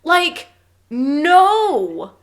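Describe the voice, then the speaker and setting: A woman's voice: high-pitched, drawn-out words. A woman co-hosting a podcast, reading a story aloud and mocking it in casual chat, often acting out lines in silly voices. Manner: animated, sarcastic, acts out lines in mock voices. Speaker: podcast co-host.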